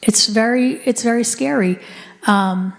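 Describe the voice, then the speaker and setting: A woman's voice: a little high, unhurried, gravelly. Middle-aged woman, guest speaker, talking to an audience in a hall with a long echo. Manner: conversational, engages the audience with questions. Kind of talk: talk to a live audience. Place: synagogue hall. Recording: long hall reverb from a live room.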